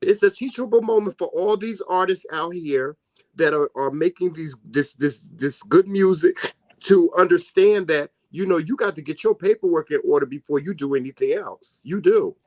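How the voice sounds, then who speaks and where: A man's voice: on the high side, normal speed, a little mellow, no room sound. A man co-hosting a casual chat, earnestly giving advice and repeating points for emphasis. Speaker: co-host.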